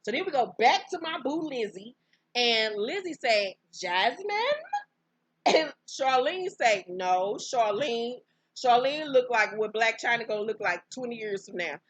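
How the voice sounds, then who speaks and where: A woman recapping a reality show in casual, profane storytelling, bursting into high, loud exclamations. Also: expressive, a little slow, breathy edge, no echo. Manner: profane, brash, outspoken commentary; breaks into high-pitched exclamations.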